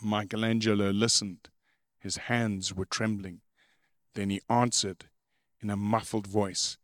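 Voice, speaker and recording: A middle-aged man preaching a sermon, opening with a slow, measured reading and moving into emphatic preaching. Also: on the low side, little pitch movement, a bit bright, no room sound, clean studio sound. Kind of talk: sermon with read-aloud opening.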